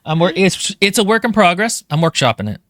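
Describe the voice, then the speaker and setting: Lively bright-voiced man chatting about books. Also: high voice, fairly quick, no echo, clean studio sound. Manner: animated, rambling with fillers and restarts. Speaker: podcast co-host. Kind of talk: casual book discussion.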